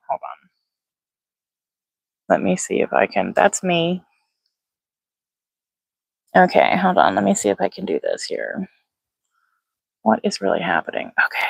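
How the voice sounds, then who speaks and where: Low-voiced woman chatting on a livestream. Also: big pitch swings, a little slow, gravelly, long pauses, fairly bright tone, dry recording. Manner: rambling, many fillers, greets viewers by name. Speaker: livestream host. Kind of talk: casual live chat. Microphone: phone.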